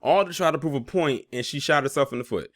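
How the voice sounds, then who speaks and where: A man's voice: fairly high pitch, quick pace, no echo, studio quality. A man reading out social media posts and reacting with sarcastic, laughing asides, as host of a commentary channel.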